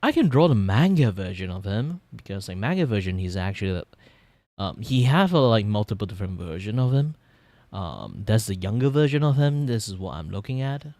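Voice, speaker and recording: A young man with a Malaysian English accent talks in a fairly low voice, recorded close and dry with no room sound. He rambles through loose, casual stream chatter while he draws, swearing freely and breaking into laughter often. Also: very animated, brisk, darkish tone, no echo. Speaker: vtuber streamer. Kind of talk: casual livestream chat while drawing.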